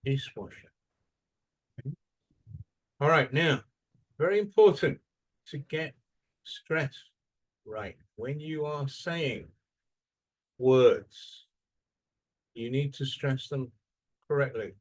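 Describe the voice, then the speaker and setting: A man's voice: mid-range voice, slow, pauses often. A man teaching English in a classroom, quizzing students and stressing syllables as he models words. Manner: lively questioning, drawing out word stress. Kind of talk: classroom lesson.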